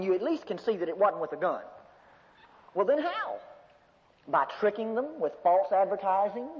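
Male preacher, high voice, lively folksy sermon delivery, dull recording with long church reverb. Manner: animated, folksy storytelling with humor.

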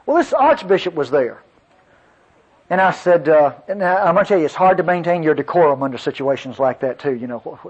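Animated preacher man, husky. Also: a little high, brisk. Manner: folksy, animated preacher addressing congregation. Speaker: pastor. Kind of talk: sermon storytelling. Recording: dull lo-fi sermon recording.

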